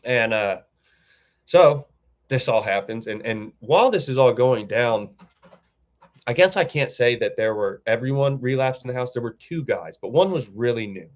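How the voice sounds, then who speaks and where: A man's voice: mid-range voice, expressive, moderate pace. A man, host of his channel, telling a story casually in a rambling, self-correcting way.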